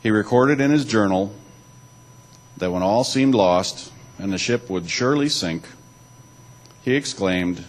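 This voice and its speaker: A man's voice: on the low side, expressive, measured pace, long pauses, poor audio. A man giving a church talk, alternating between reading aloud and loose spoken asides, with occasional restarts. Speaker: church speaker.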